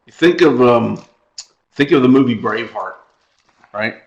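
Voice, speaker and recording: A man's voice: medium pitch, lively intonation, measured pace, dull audio. Guy on a podcast rambling and cracking himself up, echoey room. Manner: rambling, laughs at his own jokes, acts out movie lines. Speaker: podcast co-host. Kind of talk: casual chat.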